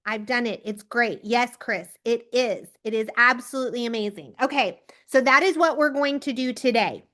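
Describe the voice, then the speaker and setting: A woman leading a team training on a video call, giving an energetic pep talk and calling on people by name. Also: fairly high pitch, normal speed. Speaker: team leader coaching recruits.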